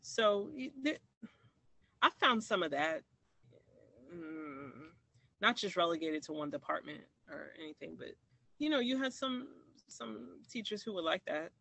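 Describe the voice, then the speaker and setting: Gravelly, bright-voiced man from Maryland. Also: high voice, lively intonation, a little slow. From Maryland, USA. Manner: reflective, with many restarts and acted-out quoted dialogue. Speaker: interviewee. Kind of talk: personal storytelling in an interview.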